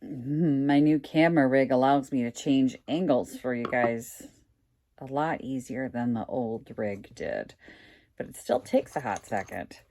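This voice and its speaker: A woman's voice: a bass voice, unhurried, mellow, slight background noise. A woman chatting casually while she crafts, thinking aloud as she works, with a slight Southern American accent that slips in and out. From United States. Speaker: craft vlogger.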